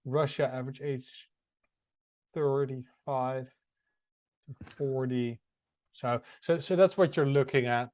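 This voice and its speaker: A male podcast co-host on a video call, explaining things in a relaxed, casual way. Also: medium pitch, takes it slowly, pauses often, no echo. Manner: relaxed explaining, laughs often.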